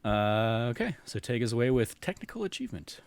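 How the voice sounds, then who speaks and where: A man's voice: medium pitch, big pitch swings, brisk, creaky, smooth, no echo. A young man co-hosting a podcast, chatting casually and rambling with many fillers and restarts. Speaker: podcast co-host. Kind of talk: casual chat.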